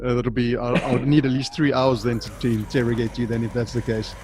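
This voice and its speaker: A man hosting a casual podcast interview over a video call, excitable and freely swearing. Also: medium pitch, a little fast, background noise. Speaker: podcast host.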